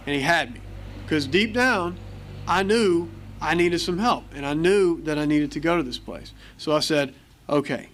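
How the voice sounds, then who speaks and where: American man, recovery meeting speaker, candid storyteller, slightly high voice. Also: normal speed, a bit bright, a little hiss or hum. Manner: candid storytelling, acts out quoted dialogue. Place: meeting hall.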